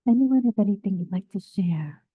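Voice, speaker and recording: A woman meditation teacher giving a dharma talk in a gentle, halting way, often dropping to a near-whisper. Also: mid-range voice, animated, husky, no room sound. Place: meditation group session, also on video call. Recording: tinny phone-like sound.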